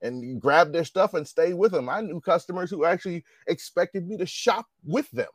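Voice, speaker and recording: A man's voice: fairly high pitch, animated, normal speed, no room sound. A man in his forties in casual chat, telling stories with lots of swearing and acting out quoted dialogue.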